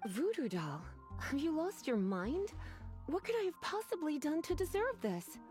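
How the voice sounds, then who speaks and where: Prim, haughty librarian. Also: female voice, high voice, very animated, moderate pace, darkish tone, faint music behind. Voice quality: haughty, proper. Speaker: librarian collecting overdue books. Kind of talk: video game character dialogue.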